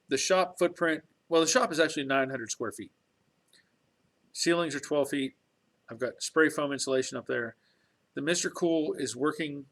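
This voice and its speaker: A man's voice: mid-range voice, a bit bright. Middle-aged male host, folksy, rambling live-stream chat from his garage. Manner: rambling, folksy, with restarts and chuckles. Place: home garage workshop.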